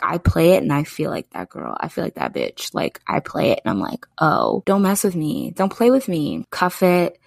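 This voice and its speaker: Gravelly low-voiced excitable woman host. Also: dry recording. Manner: effusive, excitable, chatty. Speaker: podcast host. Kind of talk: casual podcast chat.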